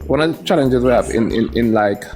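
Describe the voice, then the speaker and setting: A man's voice: mid-range voice, a little fast, a little mellow, faint music behind. A man with a Jamaican accent lecturing in a heated panel discussion and cutting in repeatedly to hold the floor.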